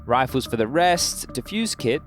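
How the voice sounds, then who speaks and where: A man giving measured color commentary and tactical analysis during an esports match, with a dry sense of humour. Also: mid-range voice, animated, faint music behind.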